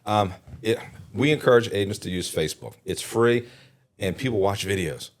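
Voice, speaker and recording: Middle-aged South Louisiana man, lowish voice, relaxed self-deprecating broker on a podcast. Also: moderate pace. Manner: easygoing, self-deprecating, repeats words as he talks. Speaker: real estate broker, guest. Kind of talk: casual podcast chat.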